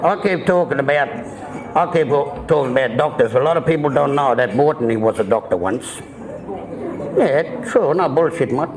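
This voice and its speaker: A man's voice: medium pitch, expressive, normal speed, a crowd in the background, low-quality recording. A man telling crude jokes in a rambling, folksy way, swearing freely. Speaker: joke teller. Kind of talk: casual storytelling of crude jokes. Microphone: filmed by a camera operator.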